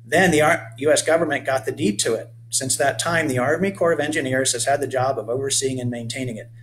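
A man's voice: medium pitch, fast talker, fairly bright tone, natural voice. A hearty, welcoming captain giving a little tour in a children's storybook, read by a man. He calls out greetings and explains things patiently, with a faint hum underneath. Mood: explaining. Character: friendly male boat captain, hearty tour guide.

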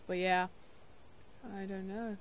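A young woman streaming a game, chatting casually with viewers, tired and yawning, with excited bursts of greeting. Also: mid-range voice. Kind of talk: casual live-stream chat.

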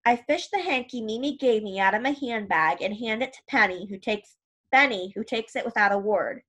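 A woman narrating an audiobook in an even, first-person storytelling manner. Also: on the high side, normal speed.

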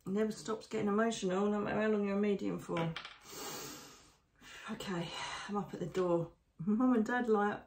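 Hushed, emotional woman, distant mic. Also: medium pitch, steady tone, roomy sound. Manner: hushed, emotional, often slow and breathy. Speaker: psychic medium. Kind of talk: live spiritual vision narration.

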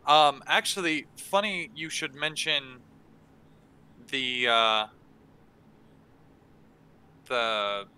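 A man's voice: a little high, extremely slow, long pauses, pushed and bright, smooth. A man hosting a tabletop game workshop, answering questions casually with many hesitations and restarts. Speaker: dungeon master hosting a workshop. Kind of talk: casual Q&A talk.

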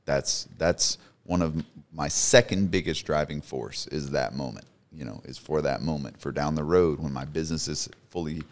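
A man's voice: a bass voice, moderate pace, hardly any pauses. A man in his thirties, a podcast guest, telling his personal story in an earnest, emphatic way. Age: 30s. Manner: earnest, emphatic, repeats for stress.

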